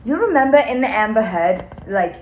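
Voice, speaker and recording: A woman's voice: a little high, very animated, fairly quick, a little mellow, slight background noise. A woman venting to her viewers in a comedic, rambling monologue, theatrical and full of swearing and filler words. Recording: echoey room with faint ambience.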